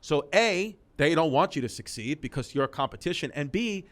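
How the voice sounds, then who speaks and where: A man in his thirties, a comedian guest telling personal stories in a casual interview, with animated delivery and many restarts. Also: a little high, brisk.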